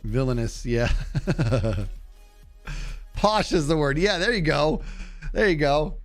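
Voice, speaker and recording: A man's voice: on the high side, lively intonation, takes it slowly, long pauses, soft background music. Chatty nasal male streamer. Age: adult. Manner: chatty, reads and answers chat while playing. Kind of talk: casual gaming livestream chat.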